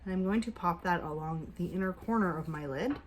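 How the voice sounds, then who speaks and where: A woman's voice: on the low side, brisk, a little hiss or hum. Upbeat woman chatting through a makeup review. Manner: chatty and upbeat, with hushed asides while applying. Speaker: beauty vlogger.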